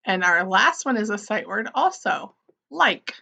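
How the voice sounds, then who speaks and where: Bright-voiced teacher woman, slow spelling. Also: medium pitch, sing-song, gravelly, breathy edge. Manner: slow, sound-by-sound spelling for young children; gently encouraging, asks questions and answers them. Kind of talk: early-grade phonics lesson.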